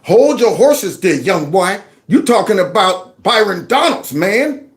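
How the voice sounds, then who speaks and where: A man's voice: sits high, very animated, measured pace. A man hosting a casual opinion commentary show, emphatic and given to repeating his phrases. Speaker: commentary channel host.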